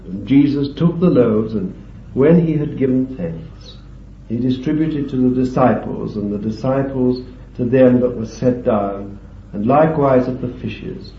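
In a meeting hall before a small group, a man preaches a sermon, reading scripture slowly and deliberately and leaning hard on emphatic words. His voice sits at medium pitch. The recording is echoey, distant, dull and lo-fi, with slight background noise.

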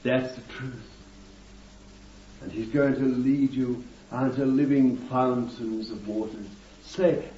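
A man preaches a sermon in an unhurried, mellow voice, fervent and drawn out, calling his hearers beloved. He sounds far from the microphone in a roomy hall, and the recording is dull with a faint hiss behind him. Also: mid-range voice, fairly even intonation. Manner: fervent preaching, addresses listeners as beloved, interjects amen and hallelujah.

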